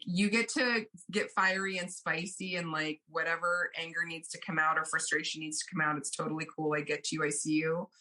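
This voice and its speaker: Woman, astrologer guest, casual interview, expressive, quick to laugh, bright voice. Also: lowish voice. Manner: animated and expressive, quick to laugh and act out others.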